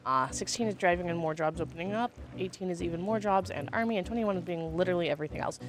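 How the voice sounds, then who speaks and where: A woman's voice: fairly low pitch, fast talker. A woman in her twenties, a streamer from Washington state, chatting casually while gaming and swearing when flustered. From Washington state, USA. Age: 20s.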